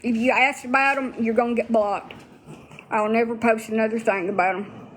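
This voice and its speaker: A woman's voice: fairly high pitch, fairly even intonation, moderate pace, a bit bright, slight background noise. Blunt woman livestreaming. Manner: blunt, swears freely, talks to viewers. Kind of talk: casual livestream chat.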